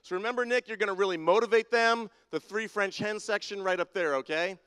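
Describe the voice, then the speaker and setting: Man, church leader, playful teasing, smooth voice, big echoing sanctuary. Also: high-pitched, fairly quick, fairly bright tone. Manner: teasing, upbeat, calling people down by name. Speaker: church leader running a congregation activity. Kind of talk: leading a playful audience-participation segment. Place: large church sanctuary with balcony and spotlights. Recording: long reverb of a big hall.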